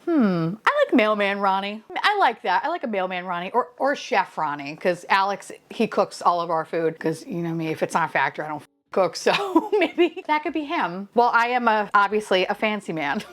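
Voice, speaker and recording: A woman's voice: medium pitch, sing-song, moderate pace, fairly bright tone. A young woman chatting casually as she unboxes blind-box figures, swearing freely, gushing over them and laughing often. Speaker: vlogger unboxing blind boxes.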